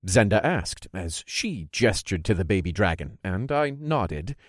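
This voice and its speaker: A man narrates a first-person story in the style of an audiobook, his voice sitting a little low but swinging widely in pitch. The recording is dry and close, with no room sound around it. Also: a little slow, no echo. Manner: expressive storytelling, voicing characters' lines.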